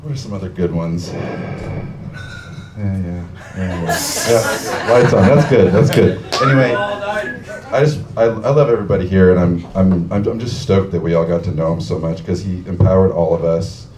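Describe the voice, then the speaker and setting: Deep-voiced man far off the mic. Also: lively intonation, moderate pace, heavy background noise. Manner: rambling, heartfelt, many fillers. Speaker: storyteller. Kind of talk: live storytelling tribute. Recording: distant from the mic in an echoey room.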